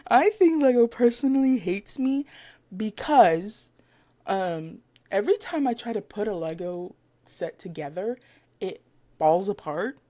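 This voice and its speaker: A woman vlogger talks casually to her camera, gushing and excitable. She rambles, stumbles over her words and corrects herself often. Her voice sits in an ordinary middle range. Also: mid-range voice, unhurried. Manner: rambling and excitable, with frequent fillers and self-corrections; gushing fan talk with giggles.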